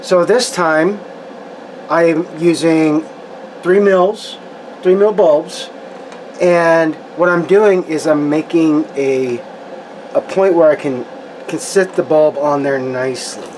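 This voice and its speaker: A man's voice: a little high, slow, a little mellow, a little hiss or hum, rough recording. Rambling man at his modeling bench. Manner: rambling, restarts, talks to viewers. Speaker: scale model builder. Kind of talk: casual workbench narration. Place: home hobby workbench.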